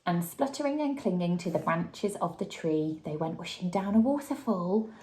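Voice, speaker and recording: A woman, a teacher, reading a picture book aloud to a child, shouting out the dinosaurs' lines and chatting about the pictures. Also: lowish voice, normal speed. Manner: lively, acts out the dinosaurs' shouts and chats with the child. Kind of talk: storybook read-aloud.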